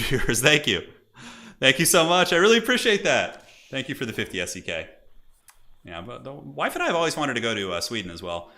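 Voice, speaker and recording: A young man streaming and chatting excitably as he commentates a multiplayer strategy game, laughing often. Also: mid-range voice.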